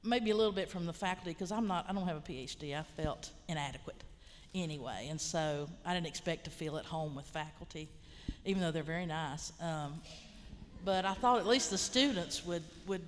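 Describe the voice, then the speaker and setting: A woman's voice: lowish voice, brisk, a little hiss or hum. Southern Appalachian woman in her fifties, plainspoken rambling panelist, slight reverb from a large hall. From Appalachia, western North Carolina. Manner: frank, rambling, plainspoken, with mild swearing. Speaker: writer and college teacher on a panel. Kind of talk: casual panel storytelling.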